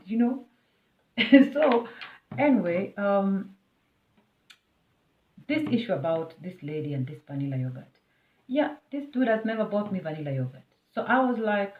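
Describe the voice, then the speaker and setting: A woman's voice: mid-range voice, animated, a little slow. A Kenyan woman recounts a personal story for her vlog, chatty and emphatic as she speaks straight to her viewers. The sound is thin and phone-like, and it rings in a roomy, echoing space. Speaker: vlogger.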